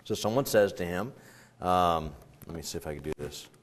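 A man's voice: deep voice, moderate pace. A male pastor preaching a sermon in a conversational way, full of rambling asides, little jokes and restarts.

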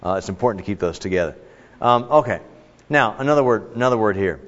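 A man's voice: on the low side, lively intonation, fast talker, fairly bright tone. A man teaching a Bible study in a conversational, emphatic way, often restarting his sentences. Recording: dull audio, long reverb in a hall.

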